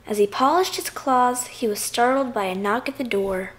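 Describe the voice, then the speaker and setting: A woman narrating a children's picture book aloud in a playful, expressive way. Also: on the high side, moderate pace, a little hiss or hum.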